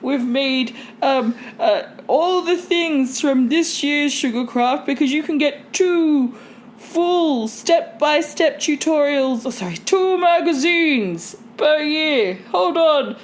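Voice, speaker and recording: Woman doing a weepy high-voiced panda. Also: expressive, slow, a little hiss or hum. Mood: rambling. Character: weepy female panda, tipsy and rambling.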